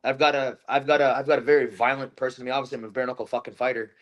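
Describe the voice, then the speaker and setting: A man who fights bare-knuckle, speaking in a loose post-fight interview. His talk is intense and full of swearing, broken up by fillers and false starts. His voice sits at an ordinary middle pitch. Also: fairly even intonation, rapid-fire. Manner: intense, profane trash talk with many fillers and restarts.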